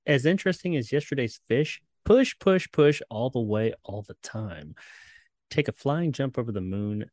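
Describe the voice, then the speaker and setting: A man's voice: mid-range voice, expressive, moderate pace, darkish tone, dry recording. A man co-hosting a podcast, reading a long list with playful, mock-dramatic relish and chatting casually. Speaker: co-host.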